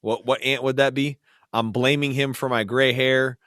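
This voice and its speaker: A man's voice: mid-range voice, steady tone, normal speed, a bit bright, no echo, clean studio sound. A man co-hosting a podcast, joking in casual banter. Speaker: podcast co-host.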